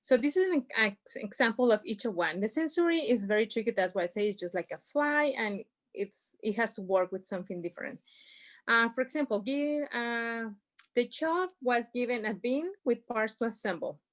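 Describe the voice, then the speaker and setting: Woman, workshop presenter on a video call; a bit higher pitch, talks through examples in plain, non-native phrasing. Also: expressive, moderate pace. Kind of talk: informal presentation.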